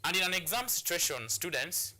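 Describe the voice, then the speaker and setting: A Kenyan man teaches an English lesson on a TV show in a high, sing-song, brisk voice with a sharp tone. He drills key points repetitively, often restarting phrases and using fillers as he explains.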